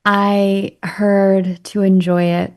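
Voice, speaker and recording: A woman's voice: medium pitch, flat delivery, very slow. A woman guest on a video call, speaking in a grateful, reflective way. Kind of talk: casual chat.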